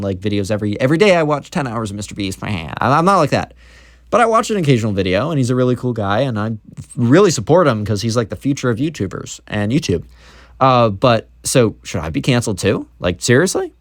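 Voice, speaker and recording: Young male storyteller, rambling, full of fillers and asides, dry close sound, mid pitch. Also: no room sound. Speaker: YouTube storyteller. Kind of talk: casual storytime narration.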